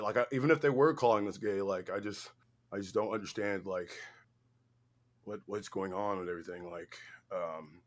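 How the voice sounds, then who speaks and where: A man's voice: sits low, pitched below the performer's own voice, close to an everyday voice. A man doing an impression of a listless young male streamer who mumbles through filler words.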